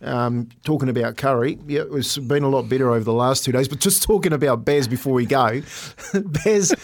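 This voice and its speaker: A middle-aged man hosts a breakfast radio show. He chats loosely and laughs easily while he spins an old playing story, his voice sitting at an ordinary pitch. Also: normal speed. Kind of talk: casual radio chat.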